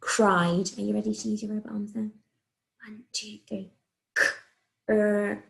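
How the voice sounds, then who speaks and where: Speaking slowly and clearly at a medium pitch with little pitch movement, an English-accented primary school teacher sounds out letters. It's a recorded video phonics lesson aimed at young children.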